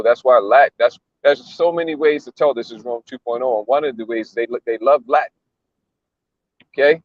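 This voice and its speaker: A man's voice: mid-range voice, muffled recording. A man giving casual religious commentary in a blunt, mocking, slangy way, often repeating himself. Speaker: commentator reacting to a news clip.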